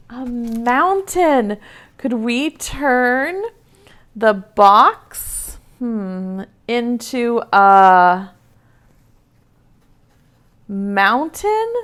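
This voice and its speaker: A woman reading a picture book to preschoolers over a video call, very slow and sing-song. Her pitch sits a little high, and she keeps it gentle and playful, asking the kids questions as she goes. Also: big pitch swings, smooth. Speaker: preschool teacher. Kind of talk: reading a picture book aloud to young children.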